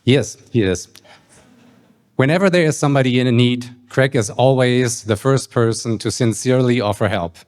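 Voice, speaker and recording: A man's voice: medium pitch, moderate pace, darkish tone. A man in his thirties with a German accent, giving a best man's wedding toast with some hesitant fillers and light jokes.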